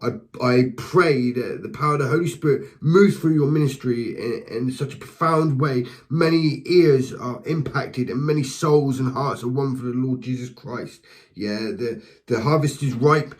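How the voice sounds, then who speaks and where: A lay preacher with a mid-range voice gives a passionate spoken testimony at normal speed, addressing listeners directly with fervour and encouragement. He frequently repeats and restarts words, and the recording is rough.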